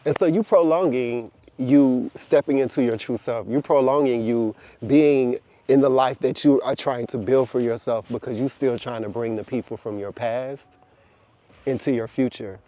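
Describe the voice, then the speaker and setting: Mellow man giving casual spiritual talk. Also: mid-range voice, normal speed. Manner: animated storytelling, acting out quoted voices, casual swearing. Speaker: spiritual content creator.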